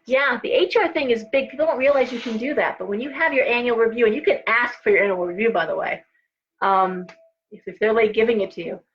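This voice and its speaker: A middle-aged woman with a fairly high voice hosts a live tarot reading, chatty and rambling as she circles back over her points. She sounds tired, and the stream audio is dull and lo-fi. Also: fast talker. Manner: chatty, rambling, frequent restarts and asides. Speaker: host and tarot reader.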